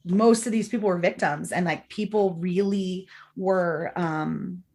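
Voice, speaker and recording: A woman's voice: on the low side, measured pace, darkish tone. A woman in her thirties, a podcast interview guest, telling her story in a chatty way and acting out quoted talk with lots of "like". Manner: chatty, acts out quoted dialogue in changed voices, many "like" fillers.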